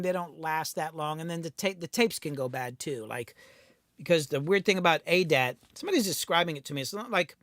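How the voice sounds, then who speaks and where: A middle-aged man with a slightly high voice talks candidly on a casual livestream. His delivery is blunt and peppered with swearing. He is recorded close and dry, with no room sound around him. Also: fairly bright tone, no echo. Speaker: host, recording engineer and producer.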